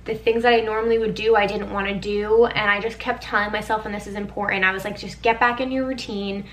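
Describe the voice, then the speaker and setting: Chatty young woman with a bright voice. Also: mid-range voice, little pitch movement, fast, low-quality recording. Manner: chatty, frequent "like" and swearing. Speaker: podcast host. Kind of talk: candid personal monologue.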